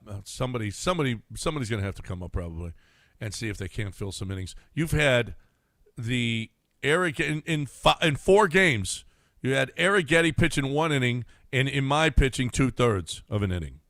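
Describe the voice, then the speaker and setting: A man's voice: mid-range voice, a bit bright, no room sound, clean studio sound. A man hosting a sports radio show, chatty and easy-going, laughing often and trailing off as he talks. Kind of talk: casual sports talk. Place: radio studio. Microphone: studio mic.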